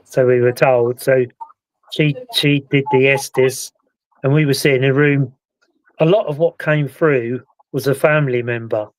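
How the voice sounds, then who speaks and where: A British man hosting a casual live-stream chat about a paranormal investigation, talking in a relaxed, rambling way. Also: mid-range voice, a little slow, no echo, rough recording. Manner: relaxed, chatty, recounts events at length. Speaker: paranormal investigator and show host.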